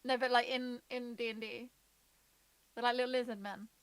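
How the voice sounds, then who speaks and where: Lady player, kinda high voice, laughs a lot, fumbles for words. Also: fairly even intonation, normal speed, smooth, dry recording.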